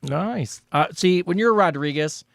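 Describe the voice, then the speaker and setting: A man's voice: fairly high pitch, expressive, unhurried, gravelly, no echo, clean studio sound. A man co-hosting a podcast in casual chat, easygoing as he reads out listener questions.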